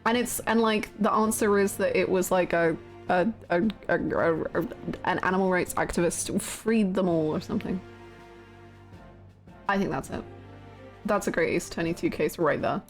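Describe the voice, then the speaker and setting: A woman's voice: on the low side, moderate pace, faint music behind. A woman streamer chatting casually with her live viewers, giggly and chatty.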